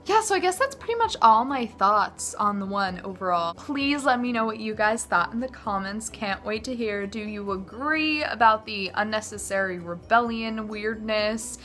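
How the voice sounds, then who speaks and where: Speaking in a mid-range voice, a woman chats to camera about books. She gushes with animation and keeps slipping in quick jabs at the characters.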